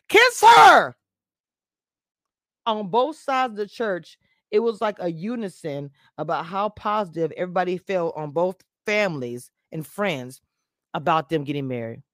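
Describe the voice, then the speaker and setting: A woman's voice: fairly low pitch, no room sound, clean studio sound. A woman reviewing a reality show on a casual live stream, blunt and opinionated in her takes.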